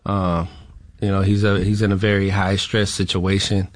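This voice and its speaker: A man answers interview questions haltingly, full of "uh" and "right?". His voice sits fairly low. The sound is dry and close. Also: level tone, dry recording. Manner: hesitant, many "uh" and "right?". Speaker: interview guest, veteran. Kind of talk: interview conversation.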